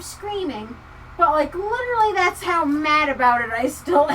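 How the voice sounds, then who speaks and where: A woman livestreamer chatting casually with viewers, ranting with profanity and swinging from muttering to near-shouting. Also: sits high, animated, normal speed, recorded from a distance, a little hiss or hum, poor audio. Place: home craft room. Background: soft lofi music.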